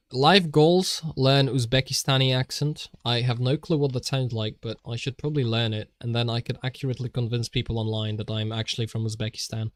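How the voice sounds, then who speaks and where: A man's voice: medium pitch, no echo. Rambling, jokey man on a dry mic. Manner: jokey, rambling, laughs often, restarts. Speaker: streamer. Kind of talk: rambling stream chatter while drawing.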